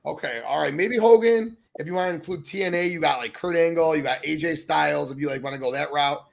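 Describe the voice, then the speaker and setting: Male podcast co-host, gravelly fry in his voice, excited and emphatic, swears freely. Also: on the high side, fast talker. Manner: excited, profane, emphatic praise. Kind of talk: casual wrestling debate.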